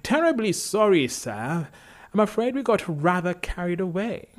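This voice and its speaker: A man doing a raspy, plummy Englishman. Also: high-pitched, big pitch swings, moderate pace, voice pushed up. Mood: apologetic. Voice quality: raspy, husky. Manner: polite, plummy, flustered. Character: posh English middle-aged man, shy, flustered.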